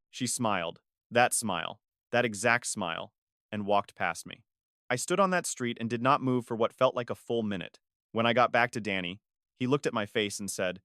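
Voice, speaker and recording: A man narrating a first-person dramatic story in a measured, confessional way. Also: mid-range voice, fairly bright tone, no room sound, studio quality.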